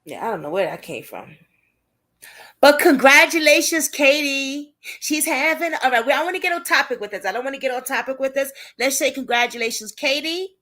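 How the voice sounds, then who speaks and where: High-pitched and fast, her voice leaves few pauses. This livestream host and advocate chats animatedly with her viewers, reacting to what she reads and addressing them directly.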